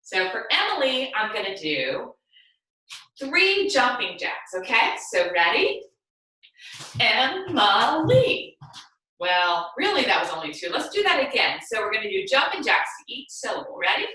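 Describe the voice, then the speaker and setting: A woman's voice: medium pitch, big pitch swings, normal speed, sharp tone, distant mic. Upbeat young woman teaching kids, echoey room. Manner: upbeat, encouraging, sing-song prompts. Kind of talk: guiding a children's movement lesson. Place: room at home.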